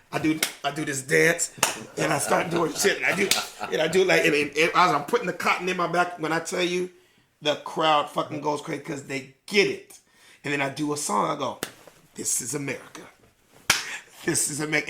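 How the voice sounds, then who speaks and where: Middle-aged male comic, fairly high, bright delivery; animated storyteller who slips into character voices. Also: creaky, slight background noise. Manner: animated storyteller, acts out crowd voices, swears freely. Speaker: stand-up comedian, podcast guest. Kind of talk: casual podcast chat, retelling a stand-up bit.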